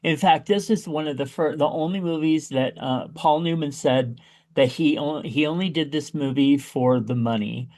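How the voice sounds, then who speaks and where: A man co-hosting a podcast, chatting casually about a movie with big excited jumps in pitch when he exclaims. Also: normal speed. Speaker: podcast co-host. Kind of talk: casual chat reviewing a movie.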